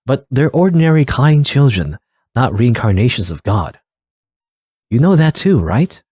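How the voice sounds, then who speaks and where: A man voicing a calm village elder who soothes and reasons with a grieving parent in a video game read-through. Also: medium pitch, measured pace, breathy edge, no echo. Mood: soothing.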